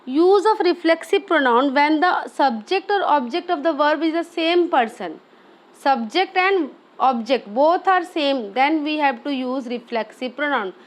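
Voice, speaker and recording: A woman's voice: sits high, lively intonation, a little slow. A woman teaching a grammar lesson, explaining step by step and often checking with "okay?".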